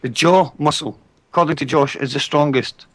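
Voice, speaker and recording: A man's voice: fairly high pitch, normal speed, dry recording. A Scottish man on a casual podcast chat, telling long rambling anecdotes with restarts. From Scotland.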